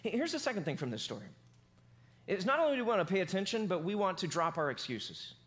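A pastor preaching a sermon in a casual, conversational, animated storytelling manner. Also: male voice, sits high, quick pace.

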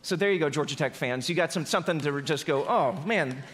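Man, pastor's sermon, fairly high voice, dramatic swings from loud to hushed. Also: brisk, a little hiss or hum. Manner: dramatic swings from loud emphasis to soft, low delivery.

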